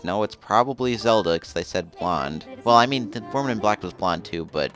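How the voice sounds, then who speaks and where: Low-voiced man narrating a game. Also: expressive, a little fast, few pauses, a bit bright, faint music behind. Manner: rambling, chatty, often laughing. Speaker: let's play host. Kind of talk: casual gameplay commentary.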